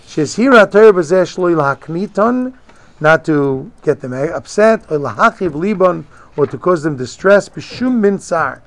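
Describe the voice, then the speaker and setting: A man's voice: a little high, creaky. A man teaching a religious text, reading Hebrew phrases and explaining each one in casual English. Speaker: Torah teacher. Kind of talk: Talmudic-style lesson, reading and translating.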